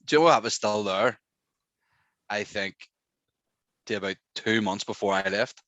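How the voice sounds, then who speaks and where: A young man with a Northern Irish accent, a podcast guest telling work stories in casual chat, animated and quick to laugh. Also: on the low side, no room sound.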